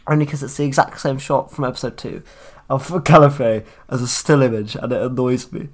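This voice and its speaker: A man's voice: medium pitch, fairly even intonation, fairly quick. A man co-hosting a podcast, chatting casually about a TV episode, laughing often and rambling with restarts. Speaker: podcast co-host. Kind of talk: casual chat recapping a TV episode.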